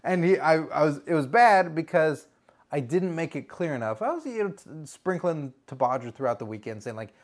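A man telling a story on a podcast in a casual, animated way, swearing freely and breaking into loud exclamations. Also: on the high side, normal speed.

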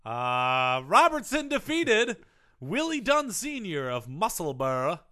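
A man with a high, bouncy voice hosts a comedy podcast. His tone is bright and sharp as he reads out odd trivia and slips in deadpan jokes. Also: takes it slowly. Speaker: co-host.

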